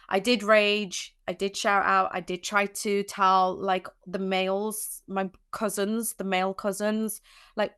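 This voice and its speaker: Woman, young adult, podcast guest, emotional storytelling, teary, halting restarts. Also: mid-range voice, little pitch movement, a bit bright, clear, resonant tone. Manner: emotional, with many restarts and "like" fillers. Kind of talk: personal storytelling interview.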